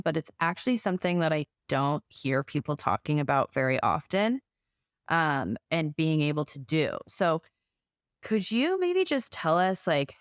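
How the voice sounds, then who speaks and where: A woman's voice: low-pitched, no echo, studio quality. A woman, a therapist who hosts the podcast, asking questions and reacting with strong, eager feeling in a casual interview.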